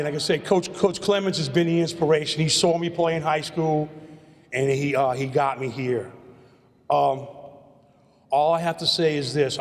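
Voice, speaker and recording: Late-50s man, slightly high voice, rambling podium speech, long hall reverb. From Louisiana, USA. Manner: rambling, repeats words, storyteller. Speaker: hall of fame inductee. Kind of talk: acceptance speech.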